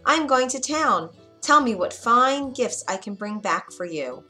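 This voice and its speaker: Here is a gentle, fretful old father with a voice raised higher and louder than the storyteller's usual tone, as a woman reads him in a storybook. He pleads anxiously and sounds easily flustered. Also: lively intonation, unhurried, faint music behind. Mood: fond.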